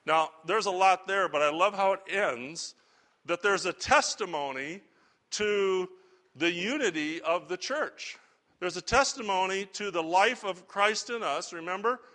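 A man's voice: high voice, pushed and bright. A middle-aged man preaching a sermon as a pastor, earnest and conversational, asking the congregation rhetorical questions.

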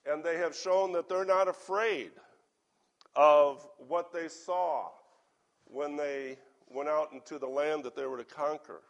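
A man with a hoarse voice preaching a sermon, reading scripture aloud and asking his listeners earnest questions. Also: on the high side, fairly even intonation, unhurried, lo-fi sound.

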